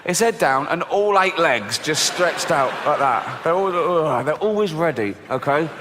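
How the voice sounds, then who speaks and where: Taking his time, a middle-aged man runs through a deadpan comedy set in a theatre, peppering it with profanity and high, squeaky impressions of children. The stage-mic recording of the live show has long hall reverb, a little background noise, and laughter from the audience.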